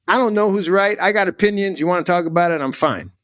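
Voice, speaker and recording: A man's voice: high voice, fast talker, a bit bright, dry recording, clean studio sound. Emphatic middle-aged man telling a story. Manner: emphatic, repeats words for emphasis, emotional at times. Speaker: podcast guest. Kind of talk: animated storytelling in conversation.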